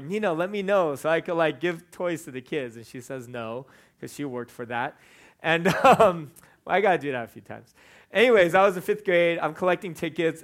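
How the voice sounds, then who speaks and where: A young man preaching a sermon, talking in a conversational, storytelling way with frequent fillers. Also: on the high side. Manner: conversational storytelling with fillers, animated and laughing in anecdotes. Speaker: pastor.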